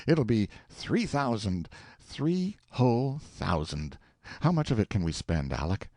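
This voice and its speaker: A man's voice: fairly low pitch, big pitch swings, unhurried, a little mellow, no echo, clean studio sound, voice pushed up, exaggerated voice. A man voicing an eager, impatient middle-aged husband in an audiobook, full of folksy exclamations. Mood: excited. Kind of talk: audiobook character voice.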